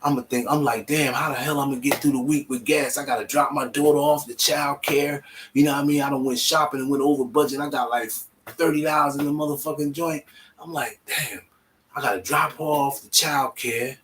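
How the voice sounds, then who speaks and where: A young man telling a personal story in casual, animated street slang, swearing freely. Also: medium pitch, a little fast, slight background noise. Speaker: vlogger.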